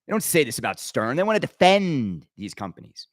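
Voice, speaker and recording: A man on his own podcast who delivers a heated, opinionated rant, tripping over his words and restarting sentences as he pushes his point. His voice sits at an ordinary middle pitch for a man. The sound is dry and close, with no room echo. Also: very animated, a little fast. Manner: emphatic and rambling, with frequent stammered restarts. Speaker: podcast host.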